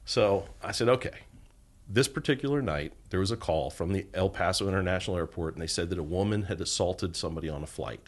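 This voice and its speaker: Speaking fast in a low-pitched voice, a middle-aged podcast guest who used to be a federal agent relates a lengthy story. He animatedly performs the dialogue of each person involved.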